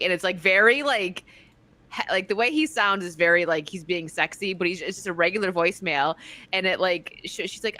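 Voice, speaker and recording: A woman's voice: mid-range voice, fast talker, sharp tone, no room sound. A woman hosting a casual livestream chat, reading out viewer donations and chatting with guests in a giggly way. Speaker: livestream host.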